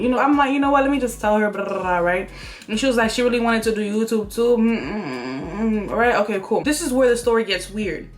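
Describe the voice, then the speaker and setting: Young woman doing a storytime vlog at home, chatty and animated, faint music behind. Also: medium pitch. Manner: animated, talks straight to viewers, acts out quotes. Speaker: YouTuber telling a story. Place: room at home by an open window.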